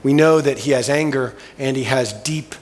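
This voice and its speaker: A man's voice: medium pitch, normal speed, big-room sound. A male pastor preaching a sermon in a casual, colloquial storytelling way, full of vivid everyday asides. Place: church sanctuary.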